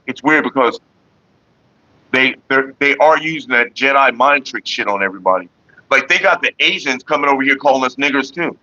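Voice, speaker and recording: A man's voice: medium pitch, expressive, a little fast, bright, forceful tone, dry recording, lo-fi sound. A man hosting a casual livestream, talking bluntly and profanely straight to his viewers. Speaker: livestream host.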